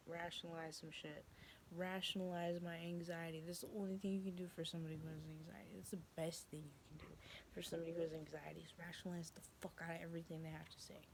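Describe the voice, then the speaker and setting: Young woman, gravelly low voice, blunt and profane, rambling vlog confession, faint hiss behind. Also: flat delivery, fast, low-quality recording. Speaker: vlogger. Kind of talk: casual confessional monologue.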